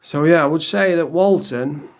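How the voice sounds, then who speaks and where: A man tells jail stories in a casual, blunt way. His voice sits a bit higher than most men's. He swears freely and keeps a dry sense of humour. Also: moderate pace. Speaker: former prisoner telling stories. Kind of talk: casual storytelling to camera.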